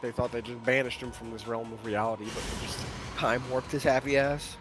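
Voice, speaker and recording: A man's voice: mid-range voice, fairly even intonation, fairly quick, music in the background. A man chatting casually on a stream with a friend, wry, laid-back and profane. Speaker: co-host friend. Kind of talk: casual livestream chat.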